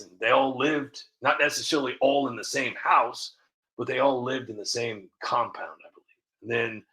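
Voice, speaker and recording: Rambling man with a bright voice. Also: medium pitch, rough recording. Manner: rambling, repeats himself with restarts. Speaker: video creator. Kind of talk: opinionated commentary vlog.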